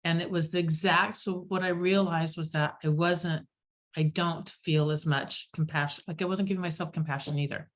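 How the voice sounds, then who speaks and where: A woman hosting a casual group chat, telling stories in an animated, self-deprecating way. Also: deep voice, normal speed.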